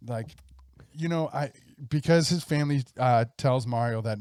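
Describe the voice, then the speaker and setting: Speaking at a moderate pace in a mid-range, darkish voice, a thirty-something podcast co-host chats casually and eagerly, rambling with restarts and laughter. The sound is clean studio audio, with no room sound.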